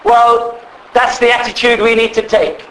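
A man's voice: very high-pitched, level tone, unhurried, fairly bright tone, slight background noise, poor audio. A man preaching in a church, telling a story in a conversational way, repeating words and asking the listeners questions. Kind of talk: storytelling sermon.

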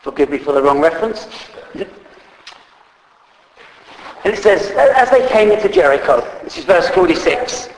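Guy preaching a sermon, bit higher voice, earnest, loose and unscripted, big echoey hall. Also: animated, normal speed, pauses often. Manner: earnest, unscripted, reads scripture aloud and corrects himself.

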